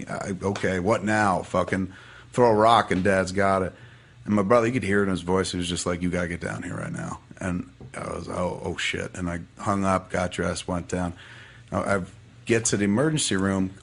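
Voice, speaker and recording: A man telling a personal story in a casual podcast chat, swearing freely and acting out what people said. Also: lowish voice. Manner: profane, animated storytelling with acted-out quotes. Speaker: podcast guest.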